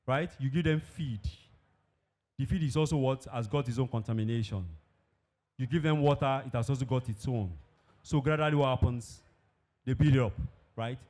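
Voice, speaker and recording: A man's voice: mid-range voice, darkish tone. A man presenting at an industry event in a hall, emphatic, often posing questions and answering them himself. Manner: emphatic, asks and answers his own questions. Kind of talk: conference presentation.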